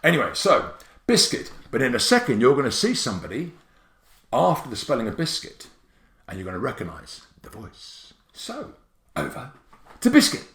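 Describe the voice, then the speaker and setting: Excitable man in an echoey room. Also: normal speed. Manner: excitable, jokey, swoops up high on exclamations. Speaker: app creator presenting a tutorial. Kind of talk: enthusiastic explanatory walkthrough.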